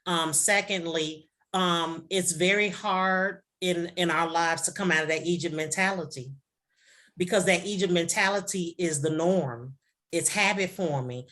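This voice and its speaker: A woman with a somewhat low voice leads a panel discussion. She backs the others with steady affirmations. When she speaks at length, her talk has a preacherly cadence. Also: measured pace.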